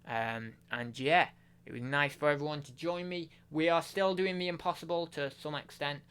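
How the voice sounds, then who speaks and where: A man's voice: fairly high pitch, normal speed, a bit bright, smooth. A man chatting casually on a live stream, rambling with lots of fillers and restarts.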